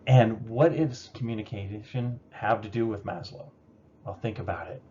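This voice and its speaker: Lower-voiced man giving a casual lecture. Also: moderate pace. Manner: conversational, relaxed teaching with fillers. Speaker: instructor. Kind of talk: recorded lecture. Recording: dull lo-fi recording with faint noise.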